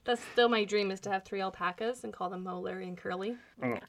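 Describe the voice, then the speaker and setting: A woman's voice: medium pitch, fairly even intonation, fast, slight background noise. A woman co-hosting a podcast, telling stories in a rambling, chatty way. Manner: chatty, rambling storyteller with frequent laughs. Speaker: podcast co-host. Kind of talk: casual chat.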